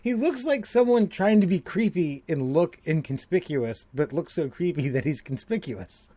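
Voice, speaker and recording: A man's voice: a little high, animated, moderate pace, dark tone, no echo. A man co-hosting a podcast, rambling with many restarts and laughing often in casual chat. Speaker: podcast co-host.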